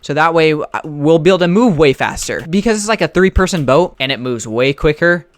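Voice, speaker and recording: A man's voice: a little high, animated, brisk. A young man casually telling a rambling story while playing a game and reacting to it. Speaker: gaming storyteller. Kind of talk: casual storytime over gameplay.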